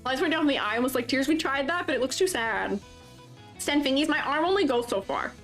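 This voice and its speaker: A fairly high-voiced woman streaming live, with a lively voice that bounces up and down as she chats. She giggles often and teases her chat playfully. Soft music plays faintly behind her. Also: brisk. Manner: giggly, chatty, reads viewer comments aloud. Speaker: streamer reviewing avatar designs. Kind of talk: casual live-stream chat while drawing. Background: faint background music.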